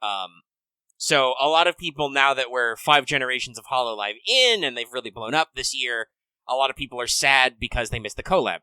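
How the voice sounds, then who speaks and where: Man with a really bright smooth voice, laid-back podcast chat full of ums. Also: mid-range voice, a little fast, no echo, low-quality recording. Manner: relaxed, filler-heavy gamer talk. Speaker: podcast co-host. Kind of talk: casual chat.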